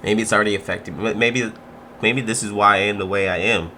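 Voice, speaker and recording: A man's voice: fairly low pitch, steady tone, fairly quick, bright, forceful tone, a little hiss or hum. A man hosting a reaction video, chatting casually in a slangy, laid-back way.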